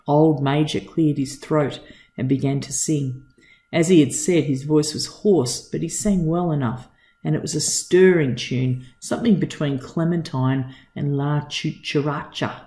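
An English teacher reading a novel aloud and explaining it in an unhurried way, with fillers like "uh" and "um". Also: mid-range voice, fairly even intonation, mellow, roomy sound. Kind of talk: reading and literary analysis lesson.

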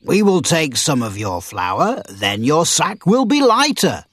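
A man voicing a big, friendly male outlaw who talks in a slow, coaxing way in a storybook reading. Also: a little high, wildly swooping pitch, a bit bright, slightly rough, no echo, pitched above the performer's own voice, heavily acted.

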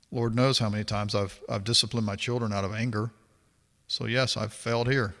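Bright-voiced pastor in his fifties. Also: steady tone, brisk. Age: 50s. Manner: reads scripture aloud, then comments in a lower, confessional tone. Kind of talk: sermon with scripture reading. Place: church sanctuary. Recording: long hall reverb.

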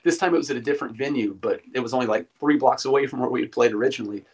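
A man's voice: mid-range voice, very fast, a little mellow, slightly rough. A man guest on a podcast, casually telling a rambling ghost story with many fillers and restarts.

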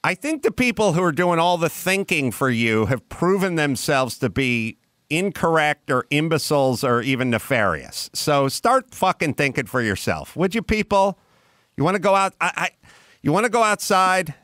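A man's voice: on the high side, lively intonation, moderate pace, a bit bright, dry recording, studio quality. A man hosting a podcast, ranting in an exasperated, emphatic way and swearing freely. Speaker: podcast host. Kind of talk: profane comic rant.

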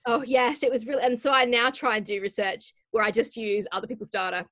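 Chatty Australian woman, bright tone. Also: fairly high pitch, flat delivery, no echo. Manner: chatty, self-mocking, quick to laugh. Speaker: guest education researcher. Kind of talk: casual interview chat.

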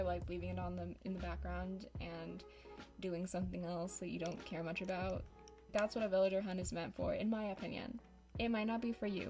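A woman's voice: medium pitch, a little mellow. A woman giving casual, dramatic and sarcastic commentary over a game, close on a desk microphone. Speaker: YouTuber.

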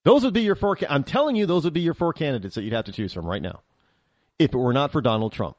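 A man hosting a political talk show, giving an animated opinion monologue and often repeating and restarting his words. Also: a little high, fast, no room sound, clean studio sound.

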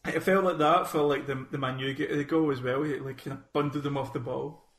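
A man from Scotland co-hosting a casual podcast chat, talking in halting bursts with many restarts. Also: medium pitch, fairly even intonation, a bit bright. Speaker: podcast co-host. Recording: roomy echo.

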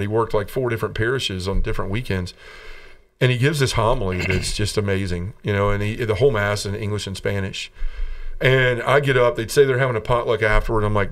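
A middle-aged Southern American man with a fairly low voice, recorded on a distant mic, is a podcast guest sharing how he converted. He storytells earnestly, does the voices of those he quotes, and laughs between lines.

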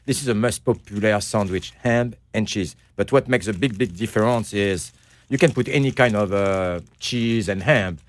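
A middle-aged man with a French accent, a bakery owner chatting as a guest, who pauses often to search for English words. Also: lowish voice. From France. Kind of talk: casual interview chat.

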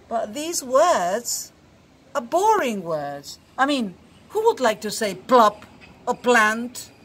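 A woman reading a picture book aloud to children, slow and expressive, dropping to a hushed, tender tone in the quiet passages. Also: fairly high pitch. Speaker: storyteller. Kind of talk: children's story read-aloud.

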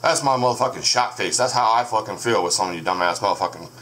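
A haunted-doll channel's host, lowish-voiced, fast and a bit bright, chews out his commenters profanely and combatively. The casual vlog is recorded on a standing camera. Dolls and a crib fill the room at home where he speaks.

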